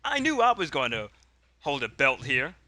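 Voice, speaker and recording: A man's voice: mid-range voice, wildly swooping pitch, moderate pace, sharp tone, dry recording. A man voicing a boastful male pro wrestling champion who taunts and mocks a beaten rival in a tabletop game. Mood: mocking. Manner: mocking, jeering.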